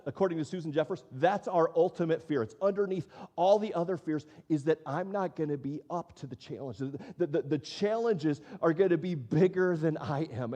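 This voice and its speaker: A man's voice: fairly high pitch, warm tone. A man preaching a sermon in a church, talking in a conversational way, asking questions and repeating his words as he thinks. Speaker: pastor. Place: church auditorium.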